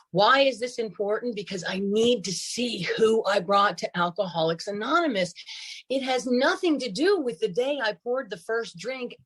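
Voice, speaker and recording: A woman's voice: medium pitch, fairly bright tone, husky. An older woman giving a candid, emphatic personal recovery testimony at a meeting, with dramatic swings in delivery.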